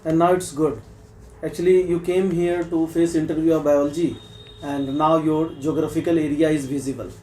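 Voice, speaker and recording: A man's voice: a little high, steady tone, normal speed, warm tone, echoey room, a little hiss or hum, poor audio. Probing Bihari man interviewing. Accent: Indian (Bihar). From Bihar, India. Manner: probing, challenging questions. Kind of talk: mock job interview.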